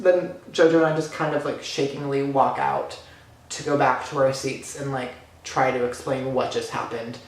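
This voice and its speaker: A man's voice: mid-range voice, fairly even intonation, normal speed. Gushing young man in an echoey room. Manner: breathless, gushing retelling with many "like"s. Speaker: vlogger. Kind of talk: excited storytime recap.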